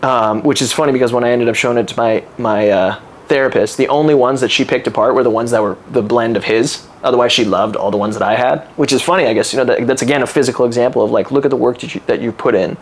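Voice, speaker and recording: A man's voice: medium pitch, quick pace. A man in his thirties telling his own story in a casual interview, earnest and candid, often acting out what other people said. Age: 30s. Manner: earnest, candid and reflective, with animated retellings. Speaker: podcast guest.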